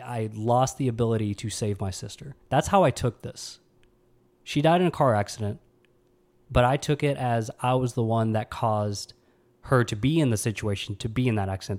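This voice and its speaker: Somber man telling a personal story. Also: mid-range voice. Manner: somber, halting, with frequent restarts. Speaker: podcast host.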